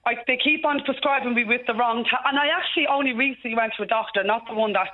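Irish lady in her 40s calling in, talks nonstop, all worked up, tinny phone sound. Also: on the high side. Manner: rapid, tumbling, unstoppable talk. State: emotional. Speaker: caller. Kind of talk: emotional call-in radio talk.

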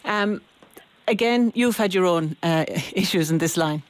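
Low-pitched woman hosting a radio phone-in. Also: a little slow. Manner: interjecting, questioning, with stammered restarts.

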